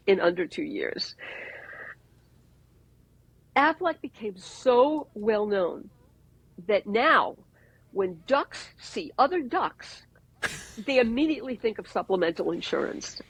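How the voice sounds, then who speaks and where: A woman, an advertising executive, telling animated stories with wry jokes as a podcast guest. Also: medium pitch, takes it slowly, long pauses, husky, no echo, low-quality recording. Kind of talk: conversational storytelling. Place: podcast interview.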